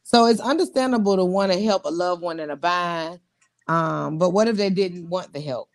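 A woman co-hosting a casual talk show, animated and laughing often. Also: lowish voice, moderate pace. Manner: animated, laughs often, talks to the audience directly. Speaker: podcast co-host. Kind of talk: casual chat.

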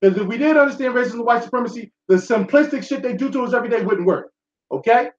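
A man's voice: very high-pitched, fast. A man hosting a talk show, delivering a blunt, profane, preachy monologue to his listeners. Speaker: show host. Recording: echoey room, dull sound.

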